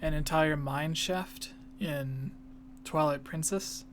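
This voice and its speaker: A podcast host in relaxed casual chat, leading the talk and reading listener questions aloud. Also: medium pitch, slow, a little hiss or hum.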